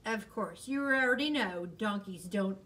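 A woman reading her picture book aloud in an expressive, sing-song, teacherly way, with fun facts in between. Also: mid-range voice, a little slow, recorded from a distance.

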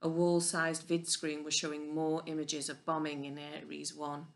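A woman reading a children's novel aloud in a clear, even storybook narration. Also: low voice, a little slow. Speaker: audiobook reader.

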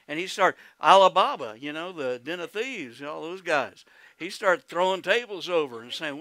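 Folksy Oklahoman preacher, bright voice. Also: fairly high pitch, animated, normal speed, dry recording. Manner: folksy, exclamatory, peppered with hallelujahs and amens; laughs easily, calls out to congregation. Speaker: pastor. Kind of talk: sermon.

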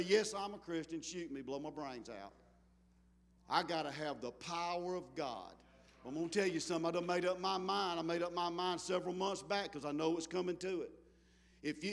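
A man's voice: sits high, vocal fry, a bit bright, in a large hall. A man preaching a fervent sermon as pastor, repeating himself and reading scripture. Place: church sanctuary.

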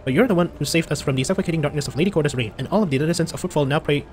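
A man's voice: fairly high pitch, racing, a little mellow, slight background noise, lightly acted. A man reading aloud a weary bartender woman's lines from game text, in his own voice.

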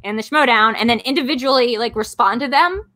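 A woman hosts over a video call with a high, bright voice. She teases her guest and laughs easily as they chat. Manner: playful, teasing, quick to laugh. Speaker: show host. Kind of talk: casual chat.

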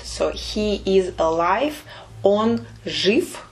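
A woman runs a relaxed language lesson. She explains patiently and slowly repeats phrases, at an ordinary middle pitch. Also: slight background noise. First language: Russian. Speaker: Russian teacher.

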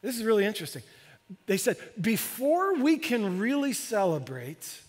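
A man in his fifties, a pastor preaching a sermon with animated, excitable delivery. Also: moderate pace. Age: 50s. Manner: animated, bursts into high excited exclamations. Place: church sanctuary. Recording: long church hall reverb.

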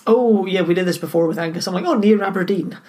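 Playful low-voiced woman podcaster. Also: fast, a little mellow. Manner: playful and teasing, cracks jokes. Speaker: podcast co-host. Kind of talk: casual chat.

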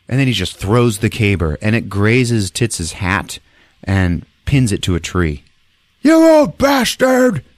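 A man hosting a podcast, retelling a movie in a jokey, laughing, animated way. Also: on the low side, a little slow, dry recording. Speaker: podcast host. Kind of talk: casual movie recap.

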